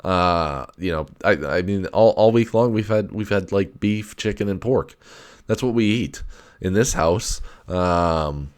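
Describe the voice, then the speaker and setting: A young adult man hosts a podcast and rants casually on his own, rambling and swearing with lots of fillers and restarts. His voice is low-pitched and clean in tone, and he takes his time.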